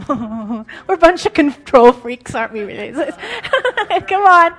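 A woman preaching an informal, conversational sermon, animated and often laughing. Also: high voice, slow pace.

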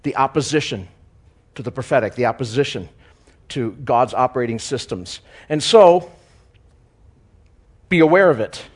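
A man preaching a sermon, swinging between loud emphasis and quiet joking asides, chuckling at his own lines. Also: mid-range voice, lively intonation, moderate pace, long pauses.

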